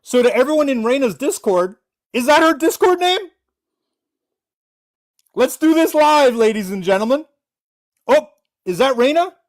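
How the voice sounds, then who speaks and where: Animated, mocking livestreamer. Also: sits high, moderate pace, long pauses. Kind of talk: livestream callout commentary.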